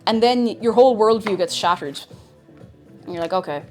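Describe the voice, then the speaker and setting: A woman's voice: medium pitch, normal speed, darkish tone. A young woman chatting casually and rambling while she bakes on a livestream, greeting viewers and poking fun at herself. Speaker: streamer. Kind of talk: casual baking livestream chat. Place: home kitchen. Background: faint music.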